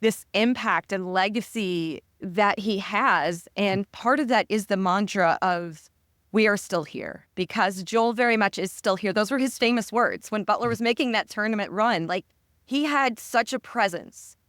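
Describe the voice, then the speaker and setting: A woman's voice: medium pitch, unhurried, fairly bright tone, no room sound, studio quality. A woman hosting an interview, speaking personally and reflectively as she asks her questions. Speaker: interview host, sports reporter. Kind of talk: conversational interview.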